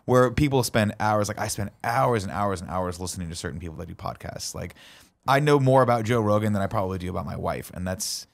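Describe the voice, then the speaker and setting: A man's voice: on the low side, fast talker, creaky. A man co-hosting a casual podcast, earnestly thinking aloud and wandering off on tangents. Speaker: podcast co-host. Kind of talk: casual chat.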